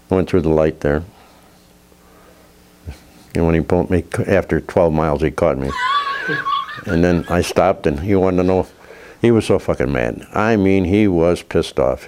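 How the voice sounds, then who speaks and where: A man's voice: deep voice, darkish tone. An older man, a former racer, telling stories in a casual interview, swearing freely and laughing as he goes. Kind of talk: casual storytelling.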